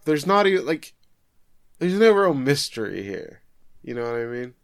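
A man's voice: medium pitch, sing-song, moderate pace, no room sound, studio quality. A man co-hosting a casual podcast, recapping an episode with joking, sarcastic asides. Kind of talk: casual chat.

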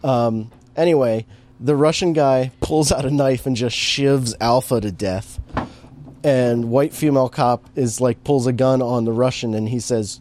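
A man's voice: medium pitch, fairly even intonation, unhurried, a little mellow, slight background noise. A man in casual chat, recapping a movie with lots of fillers and restarts and an amused tone. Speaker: podcast co-host recapping a movie.

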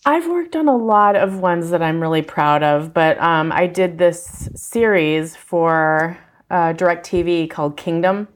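A woman from Fargo with a Midwestern American accent, a casting director answering interview questions in a relaxed, self-deprecating way. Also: lowish voice, measured pace. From Fargo, USA.

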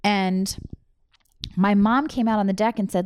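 A woman in her thirties tells a personal story with raw candor, cursing often as she goes. Her voice sits at a middle pitch, and the sound is dry and close with little room echo. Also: steady tone, measured pace, pauses often, smooth. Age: 30s. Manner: candid, emotional, swears freely.

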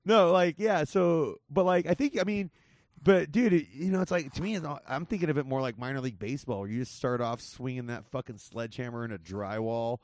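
A man's voice: mid-range voice, a little fast, no room sound, clean studio sound. A man in his forties from Southern California hosting a casual comedy podcast, rambling, swearing and laughing often. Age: 40s. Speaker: podcast host.

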